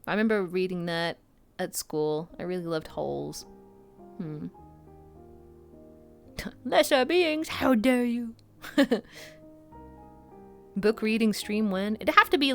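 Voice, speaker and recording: A woman's voice: mid-range voice, fairly bright tone. A woman streamer reading game lore aloud, giggling often, tripping over hard words and wandering into chatty asides.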